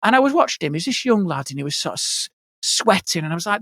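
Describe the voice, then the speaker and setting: A man's voice: high-pitched, sing-song, quick pace, vocal fry, pushed and bright, dry recording, studio quality. A man, a guest comedian, telling funny anecdotes on a podcast and slipping into mock-posh voices for quotes. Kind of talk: comic storytelling on a podcast. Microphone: podcast mic.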